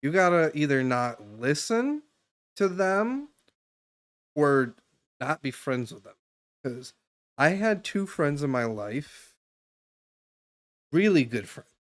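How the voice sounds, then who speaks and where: A man's voice: on the high side, very animated, slow, pauses often. Rambling young man giving casual advice. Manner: rambling, loose, with many fillers and restarts. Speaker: live streamer.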